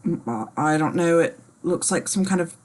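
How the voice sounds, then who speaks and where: Woman voicing a detached curt man, lowish voice, script reading. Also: animated, moderate pace, darkish tone, natural voice.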